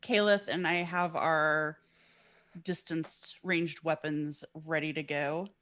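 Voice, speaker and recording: A woman with a fairly low voice plays a tabletop game. She talks casually and hesitantly, often stopping to ask the game master questions. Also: fairly even intonation, slow, a crowd in the background. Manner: chatty, hesitant, asks questions. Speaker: player.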